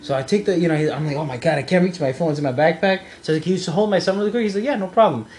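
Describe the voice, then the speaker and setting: A man's voice: on the high side, rapid-fire. A young man, a podcast co-host, telling a story in casual chat and acting out the quotes. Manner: animated storyteller, acts out quotes.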